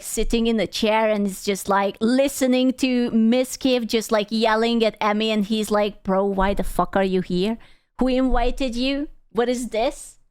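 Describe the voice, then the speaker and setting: A woman streamer giving casual, excitable reaction commentary, giggly and blunt with her swearing. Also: fairly high pitch, clean tone, no room sound, clean studio sound. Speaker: VTuber streamer reacting to a video.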